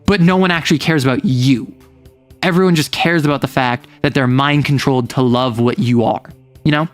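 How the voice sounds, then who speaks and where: A man hosting a casual chat, explaining tabletop game rules in a rambling, filler-heavy, animated way. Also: medium pitch, brisk, faint music behind. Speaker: host.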